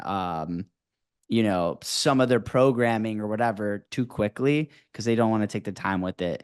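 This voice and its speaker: A man hosting a podcast, chatting casually and telling anecdotes in an easygoing way before asking questions. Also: on the low side. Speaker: podcast host. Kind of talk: casual conversational interview.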